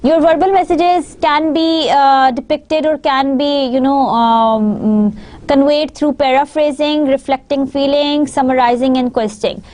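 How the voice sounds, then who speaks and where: A woman's voice: high-pitched, fairly even intonation, a little slow, a little mellow. A woman with a Pakistani English accent giving a recorded university lecture, explaining patiently and often recapping her points.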